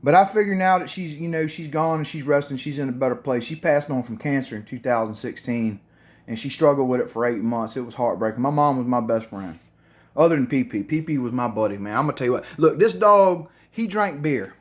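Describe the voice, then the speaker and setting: A man's voice: medium pitch, fairly quick. A middle-aged man, telling a family story casually in a profane, rambling way full of fillers.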